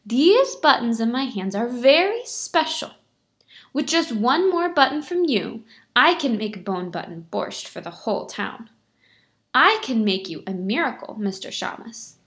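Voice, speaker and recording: A crafty little beggar from a storybook, coaxing his listeners with a showy, lilting voice, put on by a woman reading aloud. The voice sits high and bright and swoops up and down. He sounds eager to spin his tale. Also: big pitch swings, measured pace, exaggerated voice. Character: clever little wandering beggar man.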